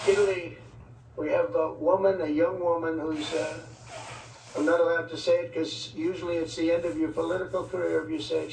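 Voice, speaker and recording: Politician type: man, rambling and ad-libbing with jokey asides, gravelly and a bit high-pitched, recorded from a distance. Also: a little mellow. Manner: rambling, ad-libbed, joking asides. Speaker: politician addressing foreign leaders. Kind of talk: off-the-cuff speech. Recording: echoey, distant mic, faint background noise.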